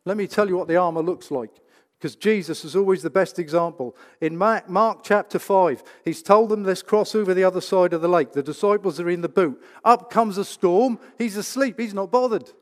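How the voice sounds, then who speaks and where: A man's voice: high voice, normal speed. A man preaching a sermon in a church, emphatic and full of rhetorical questions. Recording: reverberant church hall.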